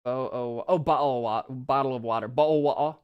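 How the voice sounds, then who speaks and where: A man's voice: mid-range voice, a little fast, smooth, highs cut off. An American man chatting casually on a live stream, rambling and giggling as he reads viewer comments aloud.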